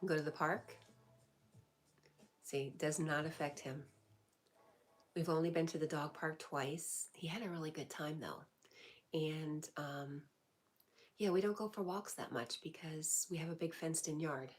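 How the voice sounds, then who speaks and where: A woman's voice: sits low, steady tone, a little slow, pauses often. A woman hosting a casual livestream, reading viewer comments aloud and answering them in a chatty way. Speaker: livestream host. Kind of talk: casual live chat.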